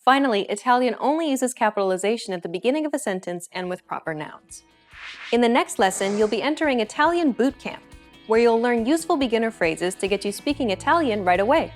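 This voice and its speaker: A woman hosting a language lesson, reading a script in a clear, even, instructive way. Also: a little high, fast, faint music behind.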